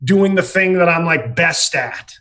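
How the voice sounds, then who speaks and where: A man's voice: on the high side, animated, unhurried, sharp tone. A man guesting on a podcast as a comedian, telling rambling, profane, self-mocking stories in casual chat.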